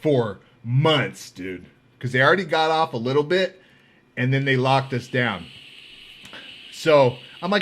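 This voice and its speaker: Brief: male podcast host, crisp bright tone, very animated delivery, loose and profane. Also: medium pitch, a little slow, a little hiss or hum. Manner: animated, swears freely, acts out quoted voices. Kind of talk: casual storytelling.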